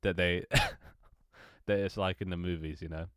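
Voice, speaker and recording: Deep-voiced young man chatting casually. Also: steady tone, a little slow, a bit bright, clear, resonant tone, no room sound, clean studio sound. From London, England. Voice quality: swears casually, many restarts and laughs. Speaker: streamer. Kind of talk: casual chat with stream viewers.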